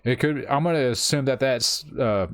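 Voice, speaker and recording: A man co-hosts a casual chat, blunt and sarcastic, swearing plenty. His mid-range voice is clear, resonant, and a bit bright at a normal speed, captured in a dry, clean studio recording.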